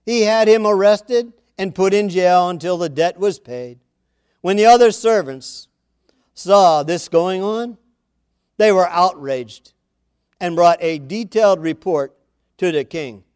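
A man's voice: high voice, slow pace, darkish tone, clean tone, dry recording, clean studio sound. A man preaching a sermon, reading scripture aloud and pressing his points with repeated phrases and questions to the congregation. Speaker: pastor.

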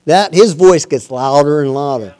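A man preaching as pastor of his church, moving from low conversational talk to loud, impassioned exhortation. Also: moderate pace, smooth. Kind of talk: sermon.

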